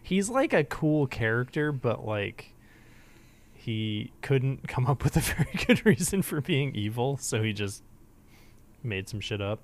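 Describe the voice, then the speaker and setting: A man co-hosting a relaxed podcast, talking at an ordinary middle pitch. He jokes around, laughs easily and often trails off with fillers mid-thought. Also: measured pace. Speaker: podcast co-host. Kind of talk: casual chat.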